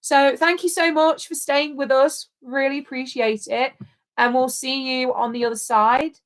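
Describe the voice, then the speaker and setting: A woman's voice: high-pitched, steady tone, unhurried. A woman co-hosting a livestream in casual, rambling chat. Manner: chatty and rambling. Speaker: livestream co-host.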